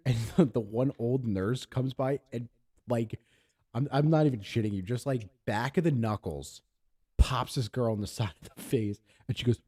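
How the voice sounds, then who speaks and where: A man's voice: mid-range voice, dark tone. A man from Pennsylvania in casual podcast chat, telling a rambling, profane story and acting out the people in it. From Pennsylvania, USA. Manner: rambling, profane, acts out voices in his stories. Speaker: podcast co-host.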